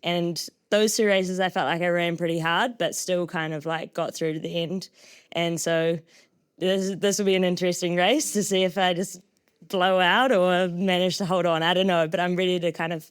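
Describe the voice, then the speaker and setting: A woman's voice: fairly low pitch, fairly even intonation, moderate pace, clean tone. A young woman with a New Zealand accent, a trail runner being interviewed at a live show, bubbly and self-deprecating.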